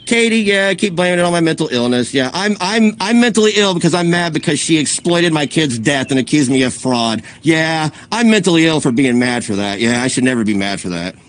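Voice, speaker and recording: A man ranting angrily on a livestream, swearing and swinging between raised outbursts and low muttering. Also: lively intonation, a little fast, hardly any pauses, a little hiss or hum. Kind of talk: angry livestream rant.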